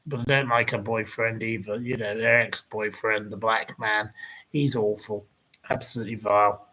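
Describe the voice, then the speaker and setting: A man's voice: fairly low pitch, steady tone, normal speed, pushed and bright, rough recording. A man hosting a livestream, ranting indignantly and rambling as he answers viewer comments. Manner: indignant, rambling, repeats insults.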